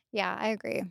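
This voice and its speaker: A woman co-hosting a casual podcast chat, agreeable and quick to affirm. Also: mid-range voice, creaky, no echo, clean studio sound. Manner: agreeable, many short affirmations. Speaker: podcast co-host.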